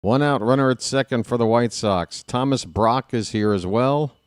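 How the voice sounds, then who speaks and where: Man, live baseball play-by-play, chatty, greets viewers, smooth clear voice, dry close recording. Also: normal speed, no echo. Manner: casual, chatty, reads viewer names between pitches. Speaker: play-by-play streamer. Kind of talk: live play-by-play with chat shout-outs.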